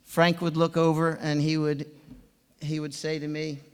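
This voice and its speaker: An animated older man in his seventies spins anecdotes in a fairly high voice, chuckling as he goes. His speech sounds from a large conference hall with a long reverb trailing each phrase. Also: unhurried, smooth. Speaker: swim coach giving induction speech.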